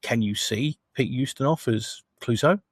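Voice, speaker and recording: A man's voice: mid-range voice, normal speed, breathy edge, no room sound. Easygoing man chatting about a film. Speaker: podcast co-host. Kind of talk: casual film review chat.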